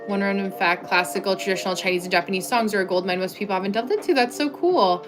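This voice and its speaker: A woman's voice: mid-range voice, fast talker, music in the background. A young woman from the United States hosting a casual livestream, reading viewer comments and answering them in a chatty way, full of "like" fillers, on a clip-on mic. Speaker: livestream host.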